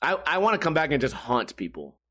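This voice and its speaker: A man's voice: fairly high pitch, wildly swooping pitch, a little fast, sharp tone. A man talking alone in a casual, rambling monologue, swearing freely and mimicking other people in mocking voices.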